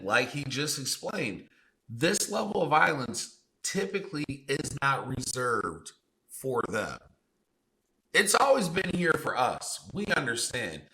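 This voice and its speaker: A man's voice: medium pitch, pushed and bright, rough recording. A man co-hosting a podcast, giving heated commentary in a blunt, profane way with a string of rhetorical questions. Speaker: podcast co-host.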